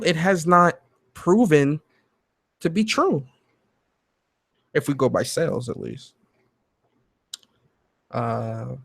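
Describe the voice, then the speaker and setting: Animated profane gaming host, dry close sound. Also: male voice, fairly high pitch, no echo. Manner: animated, profane, laughs loudly, reads chat aloud. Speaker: host of a gaming talk show. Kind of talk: live-streamed commentary chat. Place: home.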